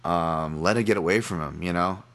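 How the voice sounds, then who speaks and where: A man's voice: low-pitched, moderate pace, fairly bright tone. A man hosting a podcast, talking through his fight picks in a rambling, self-deprecating way, often restarting sentences. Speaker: podcast host. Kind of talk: casual betting analysis monologue.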